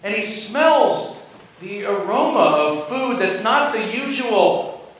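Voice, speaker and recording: A man's voice: high-pitched, very animated, slow pace, a bit bright, very echoey, distant mic, slight background noise, poor audio. A male preacher giving a sermon, retelling a story with dramatic asides, in a church sanctuary.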